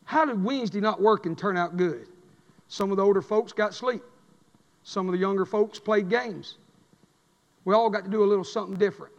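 A man preaching a fiery sermon, chanting and swinging between shouted lines and a low drawl. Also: a little fast, pauses often, muffled recording. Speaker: pastor. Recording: echoey church hall.

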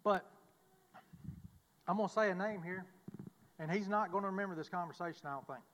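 Guy preaching in church, kinda high voice, stumbling folksy testimony, big hall echo. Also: a bit bright, a little hiss or hum. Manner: halting, folksy, self-deprecating. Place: church sanctuary.

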